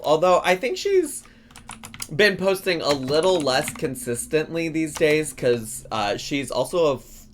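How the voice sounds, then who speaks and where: A young man with a Southern Illinois Midwestern accent chatting casually in a reaction vlog, sassy and playful with big jumps up in pitch, talking around a cough drop while getting over a lingering cough. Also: a little hiss or hum. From Southern Illinois, USA. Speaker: YouTuber host.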